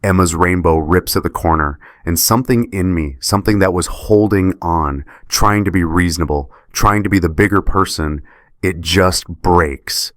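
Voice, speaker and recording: A man's voice: deep voice, normal speed, few pauses, no room sound, clean studio sound. A man giving scripted first-person drama narration in a heavy, wounded, bitter manner.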